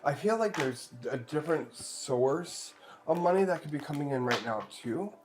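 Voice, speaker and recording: A man's voice: fairly high pitch, expressive, normal speed. A man giving a live-streamed tarot reading in a chatty, joking way, relaying what the spirits tell him. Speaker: tarot card reader.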